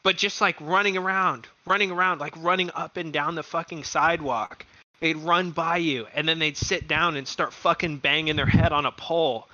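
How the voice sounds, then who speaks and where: A young man co-hosting a podcast, telling stories in an animated, profane, casual way. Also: on the high side, moderate pace. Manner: animated storyteller, heavy swearing. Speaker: podcast co-host. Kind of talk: casual chat. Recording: dull lo-fi sound.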